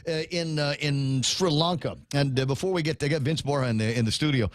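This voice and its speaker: A man's voice: fairly high pitch, a little fast, no echo. A man hosting a morning radio talk show from the studio, rambling casually with fillers, restarts and chuckles. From Guam. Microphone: studio mic.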